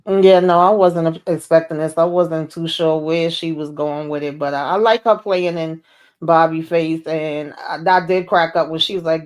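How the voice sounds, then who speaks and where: A woman's voice: deep voice, steady tone, normal speed, a little mellow. A woman panelist on a video call, casually and with amusement reacting to a TV episode. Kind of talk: casual chat about a TV episode.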